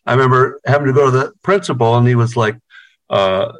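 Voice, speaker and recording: A man's voice: mid-range voice, a little fast. A middle-aged man from New York, a band's guitarist, telling rambling, profane stories in casual chat over a video call. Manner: profane, rambling, repeats words. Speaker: guitarist in a band, interviewee.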